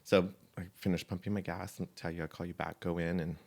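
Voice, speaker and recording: A man's voice: low-pitched, little pitch movement, fast talker, vocal fry, a little mellow. A man on a casual podcast, heatedly retelling a story with swearing, saying he is still shaky. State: shaky, worked up. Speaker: podcast co-host.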